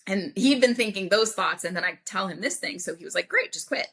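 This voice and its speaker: A woman guest on a podcast, telling a personal story in an animated way and acting out the voices of people she quotes. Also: medium pitch, a little fast, husky. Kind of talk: casual storytelling interview.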